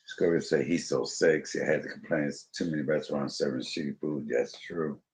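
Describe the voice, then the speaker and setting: A man's voice: very deep voice, fairly quick, darkish tone. A man hosting a live stream, chatting casually and musing aloud while he looks up videos. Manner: musing, chatty, filler-heavy. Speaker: stream host.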